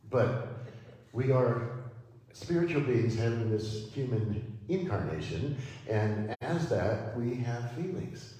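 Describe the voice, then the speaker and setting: A man preaching a sermon at a spiritual center, speaking slowly and gently with many pauses as he leads affirmations. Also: lowish voice, a little hiss or hum. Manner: slow, gentle, pausing preacher leading affirmations. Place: church hall. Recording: echoey hall, mic from far off.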